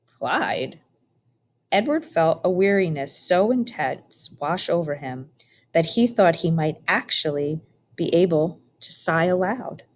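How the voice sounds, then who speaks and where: Slow, low-voiced woman reading a storybook. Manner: calm, measured reading. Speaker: audiobook reader. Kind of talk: storybook narration.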